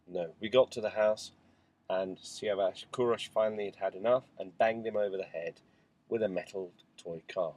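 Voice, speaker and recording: In this candid diary-style monologue, a dad rambles through a tale of family life, adding asides as he talks to the camera. He has a lowish, darkish voice, keeps a steady tone, and speaks at a normal speed, captured on a rough recording.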